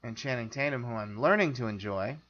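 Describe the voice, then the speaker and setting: A man's voice: medium pitch, brisk, a bit bright, highs cut off. A man hosting a film podcast, talking in a rambling, opinionated and jokey way. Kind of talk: casual chat.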